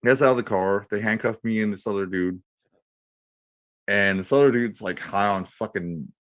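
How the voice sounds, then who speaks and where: Here a man in his thirties, voice lowish and pace moderate, tells a radio panel a crude story that wanders and is loaded with curses. The recording carries no room sound. His manner is lively and profane, the talk loose crude banter.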